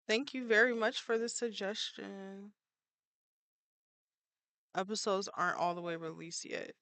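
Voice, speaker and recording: A woman's voice: medium pitch, lively intonation, measured pace, vocal fry, pauses often, fairly bright tone, smooth, no room sound. A woman artist chatting casually and playfully with her viewers while she draws, full of filler words. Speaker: artist streaming while drawing. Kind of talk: casual livestream chat with viewers.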